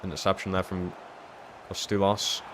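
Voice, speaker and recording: Deep-voiced, sweary man streaming a football game. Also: moderate pace, noisy background. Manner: excitable, sweary, bursts into loud shouts at big moments. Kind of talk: live-streamed gameplay commentary.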